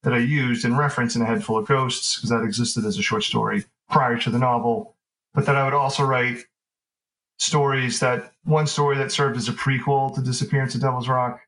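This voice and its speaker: A man talks casually with a mid-range voice, circling his points with plenty of fillers and self-corrections. He keeps a loose, easygoing conversational flow, pitched in an ordinary register. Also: a little fast, poor audio. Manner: relaxed, rambling, many fillers and restarts. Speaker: author guest.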